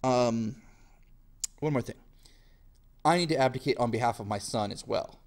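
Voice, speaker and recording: A man's voice: medium pitch, normal speed, darkish tone, close to an everyday voice. A man voicing a meek, awkward tsar who mumbles sheepishly.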